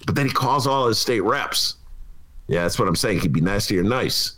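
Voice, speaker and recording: A man, co-hosting a casual political talk show, animated and quick to laugh. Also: lowish voice. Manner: animated, laughing, mimics people mid-story. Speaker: co-host, columnist.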